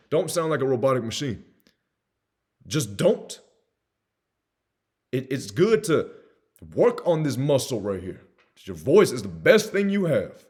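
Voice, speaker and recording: A man's voice: medium pitch, animated, normal speed, darkish tone, husky. A young man giving blunt, casual sales advice, swearing now and then and acting out sales calls. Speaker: sales coach. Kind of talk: casual monologue with acted examples.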